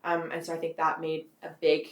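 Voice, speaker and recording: A young Canadian woman in her twenties rattles on quickly in a slightly low voice, piling up "like" as she goes. Her voice rings with a bit of room echo. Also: monotone. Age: 20s. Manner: rambling, heavy use of "like", frequent laughs. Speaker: guest author. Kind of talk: casual interview.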